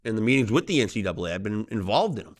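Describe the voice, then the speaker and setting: Animated man talking hockey refereeing. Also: lowish voice, racing. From Boston. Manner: animated storyteller, acts out voices in quotes. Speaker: hockey referee and podcast co-host. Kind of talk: casual podcast chat.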